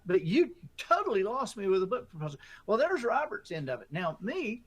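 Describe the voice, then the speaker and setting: A middle-aged man telling a story as a guest author, lively and acting out his own inner voices. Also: sits high, a little fast, hardly any pauses, breathy edge. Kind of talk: animated storytelling.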